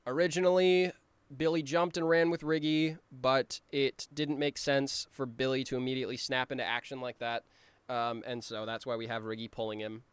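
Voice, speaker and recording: With a mid-range, clean voice and fairly flat delivery, a creator talks casually over his own cartoon, rambling with plenty of ums and restarts and occasionally acting out his characters' lines in quick voices. The recording is dry.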